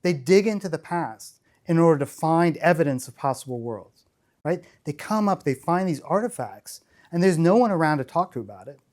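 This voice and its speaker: This conference speaker is a middle-aged man with a fairly high, expressive, slightly mellow voice at a moderate pace. Telling stories in his keynote, he rambles with enthusiasm and keeps starting sentences over.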